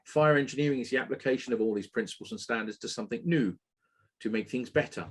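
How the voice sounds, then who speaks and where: Husky, animated man hosting. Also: medium pitch, fast. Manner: animated, opinionated, occasional swearing. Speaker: webinar host. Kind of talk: casual technical webinar talk.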